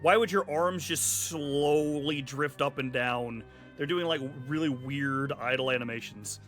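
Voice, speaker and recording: A man's voice: mid-range voice, measured pace, fairly bright tone. A man streaming a video game, chatting casually and joking, sometimes slipping into silly accents. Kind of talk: casual gameplay commentary. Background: game music.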